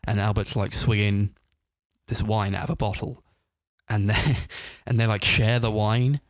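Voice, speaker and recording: A man's voice: fairly low pitch, fairly even intonation, unhurried, dry recording, clean studio sound. A man co-hosting a casual film review podcast, retelling scenes in a rambling way full of fillers and laughing as he goes. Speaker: podcast co-host.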